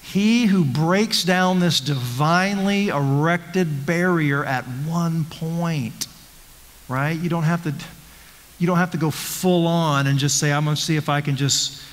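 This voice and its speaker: A man's voice: a little high, in a large hall, rough recording. A man, a pastor, teaching a conversational Bible study with rhetorical questions and frequent restarts. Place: church.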